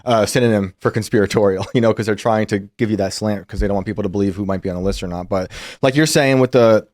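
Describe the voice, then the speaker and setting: Fast-talking low man panelist. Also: a little mellow, dry recording, studio quality. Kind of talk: casual panel discussion. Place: podcast studio.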